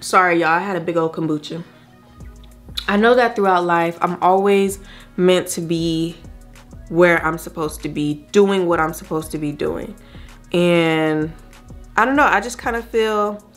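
A woman vlogger talks casually to her viewers while getting ready at home. Her voice sits on the low side, and her manner is chatty and wandering. Soft music plays faintly behind her. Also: moderate pace. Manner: chatty and rambling, addresses viewers directly. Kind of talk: casual get-ready-with-me chat. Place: at home doing her makeup.

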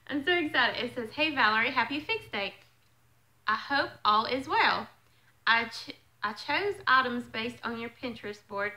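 In a rough recording, a woman with a fairly high voice vlogs while unboxing a clothing subscription box, chatting casually and gushing with excitement.

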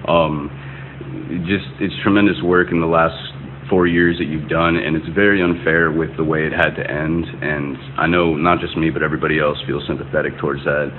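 Very deep-voiced earnest man, tinny sound. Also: fairly even intonation, moderate pace. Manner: earnest, openly emotional. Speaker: family member sending a congratulation video. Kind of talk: recorded video message. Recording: tinny phone-like recording with faint hiss.

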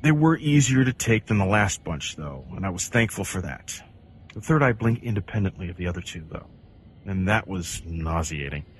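A man reading a horror story aloud in an intense, dramatic way that swings from hushed to near-shouting. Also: sits low, expressive, normal speed, slight background noise. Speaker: creepypasta narrator.

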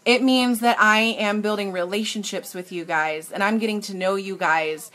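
This young adult woman's voice is medium-pitched and sharp in tone. She sells makeup on a live stream recorded on a tablet, chatting to viewers in an emotional, earnest way and often beginning her sentences again.

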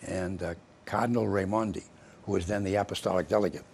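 Older male host, low and gravelly, chatty, meandering storyteller. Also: fairly even intonation, fast, a little mellow, slight background noise. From Massachusetts, US. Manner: rambling storyteller, many restarts. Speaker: TV show host. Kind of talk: casual interview chat. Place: local cable TV studio.

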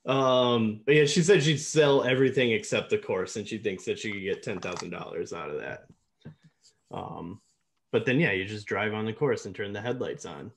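A man's voice: on the low side, moderate pace. Rambling male podcast co-host. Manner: rambling, filler-heavy, laughs often. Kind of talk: casual movie podcast chat.

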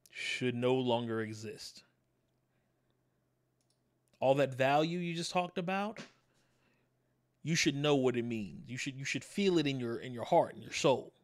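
Man giving a preachy motivational talk. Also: mid-range voice. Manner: preachy and probing, asks rhetorical questions and repeats key words. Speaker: motivational video host.

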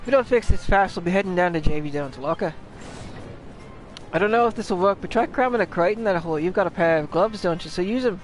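A man's voice: high voice, quick pace, faint music behind, natural voice, poor audio. A man voicing a rowdy, bossy male skeleton pirate sailor in a put-on British pirate accent, reading game dialogue aloud. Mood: urgent. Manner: gruff, rough sailor slang, teasing threats.

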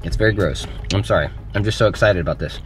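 A man's voice: low voice, fast. A man in his thirties, a father hosting a family adventure vlog, talking playfully and explaining things to his kids. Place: outdoors then inside a shop. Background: music.

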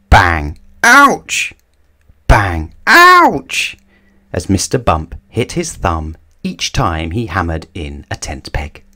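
A male storyteller reading a children's picture book aloud at bedtime. His voice sits low but moves around lively and expressively. He tells the tale warmly for young listeners.

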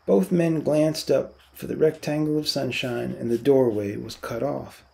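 A male teacher narrating a novel aloud, calm and unhurried. His voice is gravelly with a dark, mellow tone. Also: mid-range voice.

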